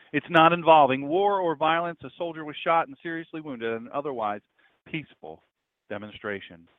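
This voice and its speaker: A pastor telling a story in a sermon, his voice swinging between loud stretches and hushed ones. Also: mid-range voice, dry recording, narrow, tinny audio.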